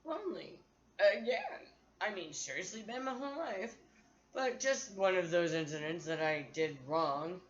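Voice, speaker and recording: A woman's voice: on the low side, normal speed, dull audio, a little hiss or hum. A woman vlogger talking to her phone in a candid, profane, rambling monologue.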